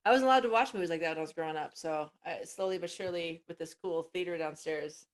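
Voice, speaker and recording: A woman's voice: fairly low pitch, quick pace. A woman co-hosting a podcast, chatting and telling stories, often trailing off mid-thought. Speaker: podcast co-host. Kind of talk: casual chat.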